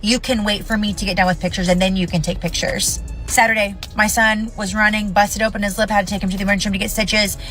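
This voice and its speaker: A woman's voice: medium pitch, fairly even intonation, quick pace, fairly bright tone, faint music behind. A woman in her thirties ranting to camera about her past, blunt and indignant and swearing freely. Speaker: mother sharing her story. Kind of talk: emotional video rant to camera.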